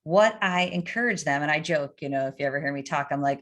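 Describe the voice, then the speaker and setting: A middle-aged woman with a slightly low voice answers questions as a coach. She talks in an animated, storytelling way and uses everyday anecdotes. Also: quick pace. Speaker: addiction coach. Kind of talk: conversational interview answers.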